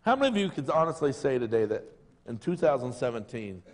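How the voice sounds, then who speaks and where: A male pastor preaches in a loose, conversational way, teasing his congregation and calling for amens. His pitch swings widely from low asides to high exclamations. His voice rings through a big, long-echoing sanctuary. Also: big pitch swings, fast. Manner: casual and joking, calls out to the congregation, asks for amens. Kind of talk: lively sermon. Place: church service in a sanctuary. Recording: long hall reverb.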